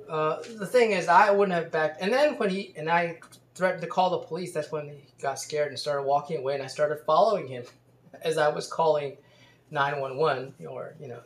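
Man, somewhat high voice, casual storytelling vlog, rambling delivery full of restarts, recorded in an echoey room. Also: normal speed, slight background noise. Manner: rambling, many restarts and fillers. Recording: roomy echo.

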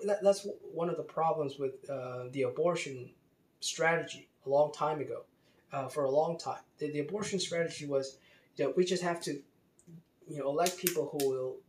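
A man giving casual spoken commentary, reading quotes aloud and rambling with many fillers and restarts. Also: mid-range voice. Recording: roomy echo.

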